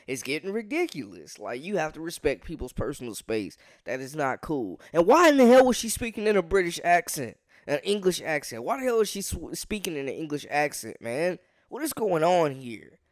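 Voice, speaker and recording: A man in the middle of his range delivers casual sports commentary straight to camera. He talks in an animated, conversational way and leans on filler phrases. The sound is dry and close, with no room around it. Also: medium pitch, no echo.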